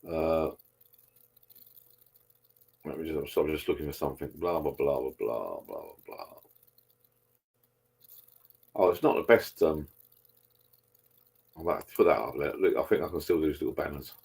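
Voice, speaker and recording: Bloke, deep husky voice, rambling live-stream host chatting to viewers over a pint. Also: male voice, fairly quick, pauses often, darkish tone. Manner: chatty, meandering, swears casually. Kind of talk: casual rambling chat with viewers over beers.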